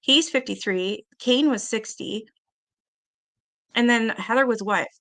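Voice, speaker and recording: A woman hosting a live-stream panel, chatting casually and reading viewer comments aloud with quick asides. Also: fairly high pitch. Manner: chatty, animated, quick asides and little laughs.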